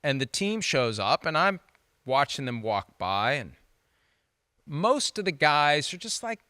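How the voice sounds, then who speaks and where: Host, smooth bright male voice, dry studio, wry and quick. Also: a little high, big pitch swings, no echo. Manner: wry, quick, self-mocking. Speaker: show host. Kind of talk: casual sports chat.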